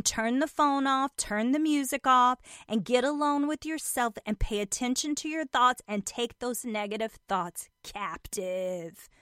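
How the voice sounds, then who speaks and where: A woman's voice: on the high side, a bit bright, no echo, studio quality. Emphatic woman giving a self-help pep talk. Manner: emphatic and repetitive, addresses listener as "girl". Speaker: motivational speaker.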